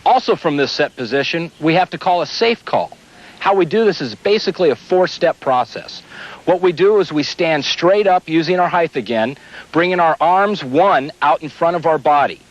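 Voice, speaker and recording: Guy walking thru umpire signals step by step, kinda high voice, dull old tape sound. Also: moderate pace. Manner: steady, explains step by step. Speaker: umpire instructor. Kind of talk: instructional demonstration. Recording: dull lo-fi old video audio.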